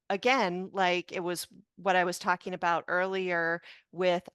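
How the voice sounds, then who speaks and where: A woman's voice: on the low side, pushed and bright, no room sound. A woman in her fifties, a doctor and mother, earnestly telling a personal story in an interview. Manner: slow, earnest, emotional recounting. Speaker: physician and parent guest.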